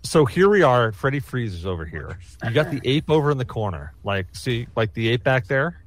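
Animated joking man, lively pitch. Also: fairly quick. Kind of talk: casual crude banter over a movie.

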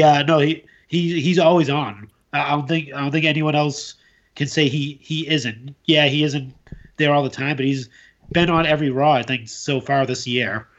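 A man's voice: medium pitch, fairly bright tone. Hesitant male co-host, dull audio. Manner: hesitant, repeats words often. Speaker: podcast co-host. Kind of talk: casual wrestling chat. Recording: slightly dull lo-fi sound.

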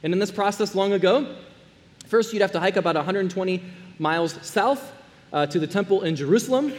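A male pastor with a high, light voice preaches an earnest sermon. He drops to soft, hushed phrases and then lifts to emphatic ones. His words carry a long reverb that fills a church hall. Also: fairly quick.

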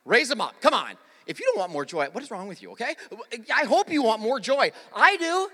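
A man's voice: sits high, a little fast, long reverb tail. A man pastor giving a sermon, telling jokes and stories and getting the audience to repeat lines. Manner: animated storytelling with jokes and audience prompts. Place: church auditorium.

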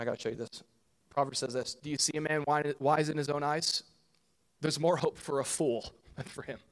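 A man in his thirties preaching a sermon as a pastor, talking conversationally and acting out quoted voices with big jumps in pitch.

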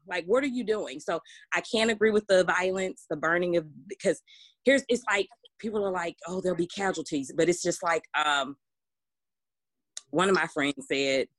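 A woman's voice: lowish voice, moderate pace, fairly bright tone, no echo. A woman, co-hosting a casual podcast discussion, talking emphatically with many restarts. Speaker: podcast co-host.

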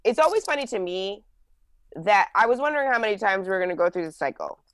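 A woman's voice: mid-range voice, sing-song, no room sound. A woman from New Jersey co-hosting a casual political chat, frank and conversational. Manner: frank, conversational, with fillers and quick emphasis. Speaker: podcast co-host.

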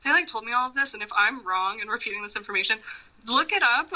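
A woman's voice: a little high, expressive, quick pace, bright, forceful tone, rough recording. A woman guest chatting casually on a podcast, swearing often and breaking into laughs as she rambles. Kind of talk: casual phone chat.

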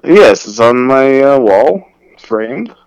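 Krampus the child-eating holiday monster, as a man plays him answers in a deadpan, halting way, filled with ums and uhs. His smooth, mid-pitched voice sounds close and dry on a podcast mic. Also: dry recording, lo-fi sound. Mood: matter-of-fact. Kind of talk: improvised comedy interview.

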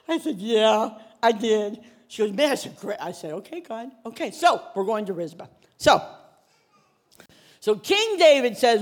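A woman pastor preaching a sermon, telling a story with lively, casual acted-out dialogue. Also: a little high, normal speed. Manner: animated storytelling, acts out biblical characters in casual modern speech.

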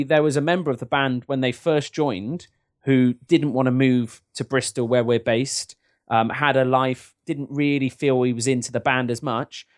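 A man's voice: mid-range voice, dry recording. Rambling man, dry mic. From England. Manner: rambling, joking, many restarts. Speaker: podcast co-host. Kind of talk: casual advice-show chat.

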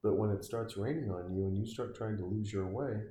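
A man's voice: on the low side, brisk, roomy sound, very noisy. A man giving crude, sarcastic, rambling comedic commentary while reacting to a film.

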